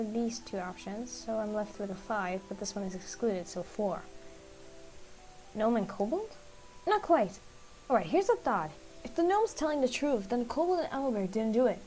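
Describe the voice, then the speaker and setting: A woman's voice: fairly high pitch, warm tone, a little hiss or hum, low-quality recording. A woman streamer reading a text game aloud and thinking through its puzzles in a hesitant, musing way.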